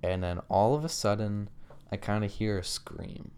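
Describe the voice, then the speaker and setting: Smooth low-voiced man telling a story. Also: lively intonation, normal speed, darkish tone. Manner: rambling storyteller, lots of likes, acts out quotes. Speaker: restaurant worker telling a story. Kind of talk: casual chat.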